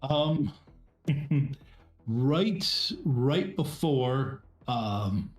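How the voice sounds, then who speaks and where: A man's voice: mid-range voice, expressive, reverberant, faint music behind. A man narrating a tabletop game as game master, hesitant and full of fillers and restarts. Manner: halting, many fillers and restarts.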